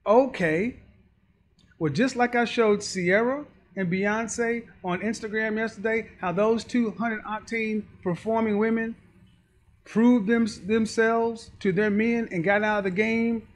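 High-voiced man lecturing emphatically. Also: slow. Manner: emphatic, preachy, acts out quoted voices. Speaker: dating commentator. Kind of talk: lecturing commentary.

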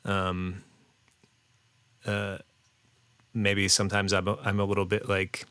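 A man talking as a podcast guest in a relaxed, rambling way, full of fillers and restarts. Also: deep voice, slow pace, clean tone, no echo. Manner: rambling, hesitant, many fillers and restarts, laughs often. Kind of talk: casual interview chat.

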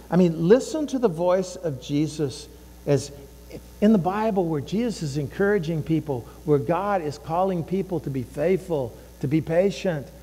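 A man's voice: fairly high pitch, mellow, slightly rough, in a large hall, low-quality recording. A man preaching a sermon as pastor, impassioned and repetitive, acting out the inner voices he describes. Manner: impassioned, acts out inner voices, repeats phrases. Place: church sanctuary.

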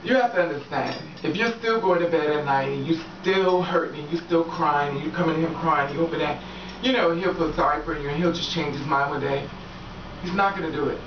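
A woman with a deep voice speaks a little fast, giving viewers candid relationship advice full of swearing and frequent laughter. Her casual vlog is captured in an echoey room by a distant, dull mic over faint background noise.

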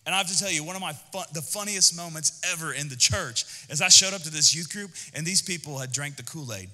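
A male pastor giving an energetic, conversational sermon, talking directly to the congregation with quick asides. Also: fairly high pitch, big-room sound.

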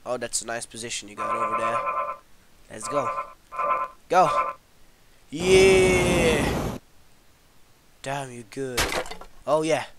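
Excitable young man playing a game. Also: medium pitch, moderate pace, pauses often, heavy background noise. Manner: excitable, swearing, yelling at the game. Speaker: gameplay commentator. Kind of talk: casual let's-play commentary.

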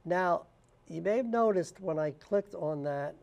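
A man walking through software steps one at a time in a plain, unscripted way, with frequent "uh" fillers. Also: sits high, expressive, measured pace, creaky. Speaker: software tutorial instructor. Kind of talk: screen-recorded software walkthrough.

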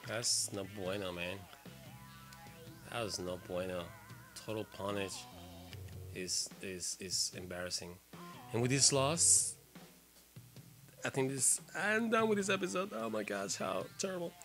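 A man giving excitable, swearing let's play commentary while he plays. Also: lowish voice, a little slow, pauses often. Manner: excitable, swearing, trash-talking. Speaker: gamer. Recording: game music clearly behind voice. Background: game music.

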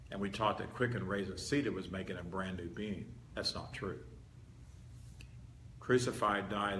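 A man's voice: low voice, pushed and bright. Guy preaching to a room, punchy and talky, keeps repeating stuff, bit of hiss, echoey. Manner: conversational, emphatic, repeats key words. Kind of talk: teaching sermon. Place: meeting hall with a live audience. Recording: roomy hall echo, faint background hiss.

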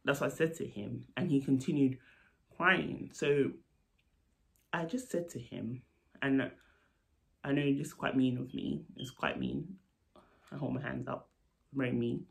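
Gravelly man telling a story. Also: medium pitch, measured pace, pauses often. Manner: animated, lively retelling with asides. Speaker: storytelling vlogger; nurse. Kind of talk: casual storytime vlog.

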